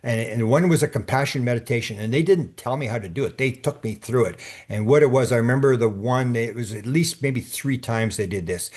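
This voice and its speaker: A man's voice: medium pitch, a little mellow. A man speaking as a guest on a podcast, telling stories in a loose, conversational way. He stumbles and restarts often, doubling back on his words, and slips into acting out what people said. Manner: halting, with frequent restarts and repeated words; acts out quoted speech in his stories. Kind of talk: casual interview storytelling.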